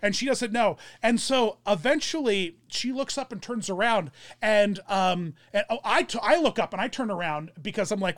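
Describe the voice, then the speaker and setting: Brief: young man, high voice, dry close sound, rambling casual storyteller. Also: lively intonation, normal speed, few pauses, fairly bright tone, no room sound. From German descent. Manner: rambling storyteller, many fillers and restarts. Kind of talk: casual chat.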